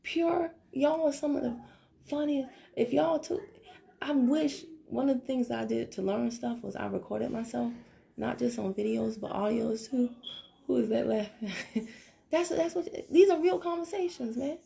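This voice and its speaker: A woman's voice: fairly high pitch, normal speed, gravelly, dark tone. A woman with a Southern American accent, talking casually and with sass to her team on a live video. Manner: sassy, joking, talks straight to viewers. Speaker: network marketing team leader. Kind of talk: casual live-stream talk.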